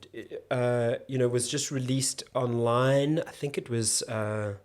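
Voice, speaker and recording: A South African man, an actor and comedian, talking as a podcast guest in a thoughtful, halting way, often restarting his sentences. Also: mid-range voice, fairly even intonation, clear, resonant tone. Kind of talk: casual podcast conversation.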